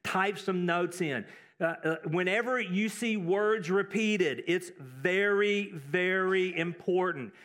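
A pastor from Texas giving a conversational sermon, breaking off into asides and repeating words for emphasis. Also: male voice, sits high, slow pace, a bit bright. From Texas, United States.

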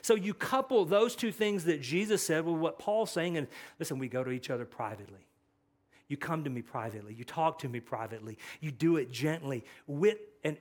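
A pastor delivering a passionate sermon. His voice sits a little high for a man, and he swings from loud, emphatic repeated phrases down to near-hushed asides, now and then rushing ahead in quick bursts.

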